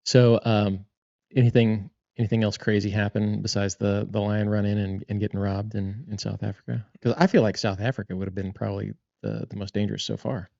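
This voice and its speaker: Gravelly low-voiced podcast host. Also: male voice, little pitch movement, fairly quick, darkish tone, dry recording. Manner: short encouraging reactions and loose follow-up questions. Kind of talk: casual interview chat. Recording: dull, lo-fi podcast audio.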